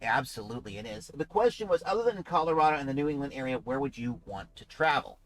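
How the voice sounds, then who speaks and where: A man's voice: mid-range voice, lively intonation, fast talker, soft background music, low-quality recording. A man hosting a casual livestream podcast, talking in a rambling, chatty way. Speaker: podcast host.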